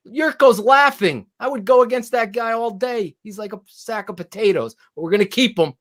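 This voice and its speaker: A man's voice: sits high, normal speed, fairly bright tone. A man hosting a casual sports podcast, talking bluntly and emphatically, with some swearing. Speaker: podcast host.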